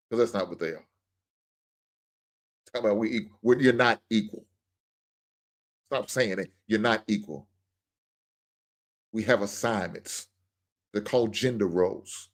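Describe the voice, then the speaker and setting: A middle-aged man hosting a show, in a blunt, joking, ranting monologue. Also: fairly low pitch. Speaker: podcast host. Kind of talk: casual monologue.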